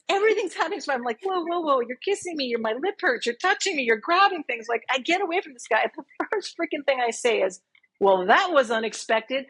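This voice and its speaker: A woman in her fifties, a podcast guest telling a dating story in a casual, animated way and acting out what she said back then. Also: high-pitched, slightly rough, rough recording. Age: 50s. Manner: animated, acts out her own past lines.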